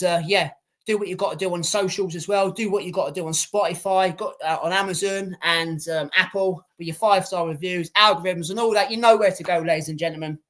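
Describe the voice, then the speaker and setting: Higher-voiced British man hosting a podcast. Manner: swears freely and addresses listeners as ladies and gentlemen. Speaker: podcast co-host. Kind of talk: casual podcast chat.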